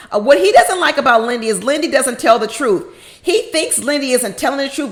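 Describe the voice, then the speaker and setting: High-voiced woman giving emphatic recap commentary. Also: fairly bright tone. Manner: emphatic, preachy, acts out quotes in other voices. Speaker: reality TV recap host.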